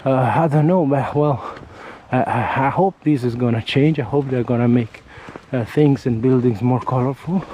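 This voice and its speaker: A man from Italy with an Italian accent, chatting casually on a walking vlog and often pausing to search for words, talking into a camera outdoors on a windy street. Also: mid-range voice, dark tone, poor audio. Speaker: vlogger. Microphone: camera mic held near the face. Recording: faint wind and traffic noise outdoors.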